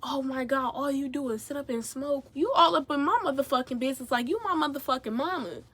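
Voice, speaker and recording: A woman mimicking her shrill, indignant young roommate. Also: fast talker, fairly bright tone. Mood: complaining.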